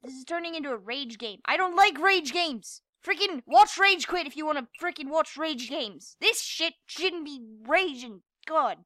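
A young woman playing a game and commenting, frustrated, swearing and yelling at it. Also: high-pitched, lively intonation, normal speed, hardly any pauses, dry recording. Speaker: gamer. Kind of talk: gameplay commentary.

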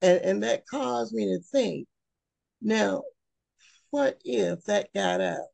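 Earnest woman speaker, gravelly voice, slow heartfelt delivery, dry recording. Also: mid-range voice, a little mellow, dry recording. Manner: emotional, earnest, with long pauses. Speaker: webinar speaker. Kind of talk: heartfelt personal talk.

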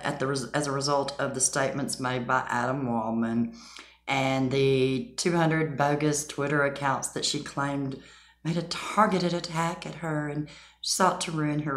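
A woman's voice: sits low, fairly bright tone. A woman hosting her own channel, giving chatty, emphatic commentary with scoffing asides. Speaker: channel host. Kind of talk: casual commentary. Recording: echoey room.

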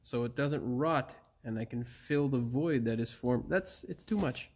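A man's voice: mid-range voice, a little slow, a little mellow. A man hosting a DIY car repair channel, walking viewers through a brake job and then swearing and laughing at his own mistakes in the outtakes. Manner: upbeat sign-off patter. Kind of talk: how-to narration with bloopers. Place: driveway or garage.

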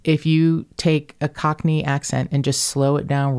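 A woman from Northern Kentucky with a slight accent from there, hosting a podcast and telling stories in a rambling, animated way. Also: sits low, measured pace, few pauses, clean tone. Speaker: podcast host. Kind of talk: casual podcast chat.

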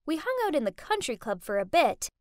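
A young woman narrating a first-person animated story in a dramatic, emotional way. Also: high-pitched, a little fast, no echo, clean studio sound.

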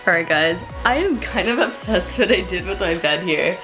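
A woman's voice: on the low side, expressive, a little fast, over music. A young woman vlogging casually, bubbly and chatty, filling her talk with "like" and "oh my gosh," recorded on a handheld camera. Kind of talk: casual vlog chat.

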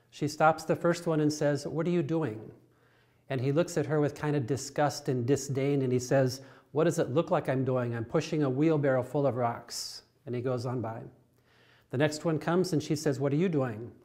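Man, priest, sermon in a church, mellow warm voice, measured delivery. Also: a little high. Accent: American. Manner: slow, measured reading. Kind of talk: gospel reading and homily.

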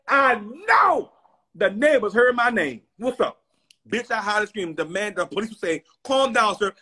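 A man telling a dramatic story to his viewers in a loud, slangy rant that bursts into shouting. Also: high voice, sing-song, a little slow, breathy edge.

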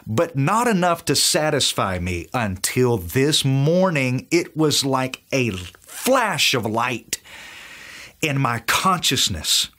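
A very animated preacher with a Southern US accent takes it slowly, his mid-range voice sounding pushed and bright. He teaches from the Bible with enthusiasm and acts out the quoted dialogue.

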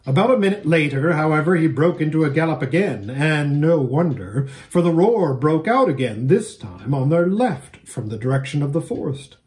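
A man, a pastor, reading a children's book aloud in an expressive, animated storytelling manner. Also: on the high side, normal speed, few pauses.

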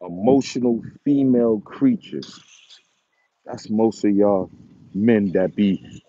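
A man's voice: mid-range voice, lively intonation, measured pace, pauses often, mellow, dry recording. A man who breeds dogs, ranting at his viewers in a taunting, repetitive, mocking way with chuckles. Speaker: dog breeder. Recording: dull lo-fi recording.

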